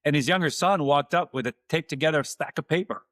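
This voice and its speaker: A man hosting his own podcast, delivering a calm, earnest, scripted monologue to fathers. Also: fairly high pitch, a little fast, few pauses, no room sound, studio quality. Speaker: podcast host.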